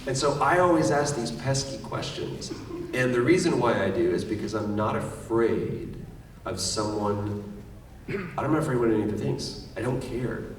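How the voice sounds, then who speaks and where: A man's voice: mid-range voice, expressive, normal speed. A middle-aged man speaking as a voice actor guest on a convention panel. He tells stories with energy and acts out quoted lines. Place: large convention hall. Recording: echoey hall, distant mic, faint noise.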